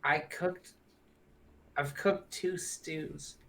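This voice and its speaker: A man's voice: fairly high pitch, fairly even intonation, drawn-out words, fairly bright tone. A man playing a character in a tabletop game, hesitant, often repeating and restarting his words. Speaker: player. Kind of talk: in-character tabletop role-play.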